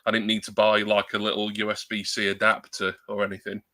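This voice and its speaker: A livestreamer chats casually from his computer at home, using a new desktop USB microphone. His voice is bright but fairly low, delivered completely flat and a little fast, and he rambles in a chatty, self-deprecating way full of ums.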